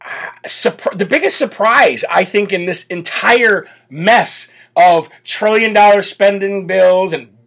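A man's voice: sits high, a little slow, gravelly, few pauses. An American man hosting a political talk show, reading donor messages aloud and leading prayer in a brash, bold way. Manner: laughs and chants loudly.

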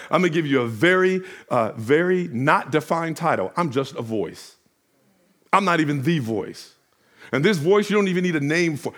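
A man preaching a sermon as a pastor, moving between hushed lines and loud ones and repeating phrases for emphasis. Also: medium pitch.

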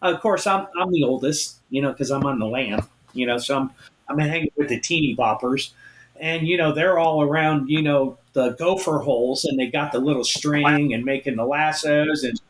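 Podcast co-host, male, lively storyteller, slightly high voice, roomy echo. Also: moderate pace, a little hiss or hum. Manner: animated, acts out quotes of others. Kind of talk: casual storytelling.

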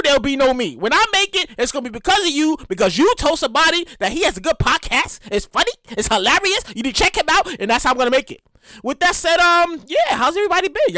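A man hosting his own podcast in a casual solo monologue, animated and profane, often repeating himself. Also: extremely high pitch, dry recording. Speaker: podcast host.

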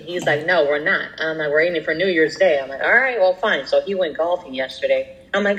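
A woman co-hosting a casual podcast, telling animated stories and acting out quoted voices. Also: sits low, a little fast, rough recording. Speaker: podcast co-host. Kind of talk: casual chat, storytelling.

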